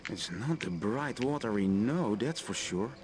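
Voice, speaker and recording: A man's voice: lowish voice, animated, unhurried, noisy background. An actor playing a resolute adult male hero in a fantasy video game, speaking earnestly. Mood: determined.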